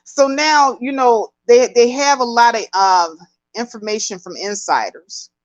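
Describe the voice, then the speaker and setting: A woman hosting a casual gossip commentary, talking in an emphatic, chatty, drawn-out way. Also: a little high, no echo, highs cut off. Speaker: host.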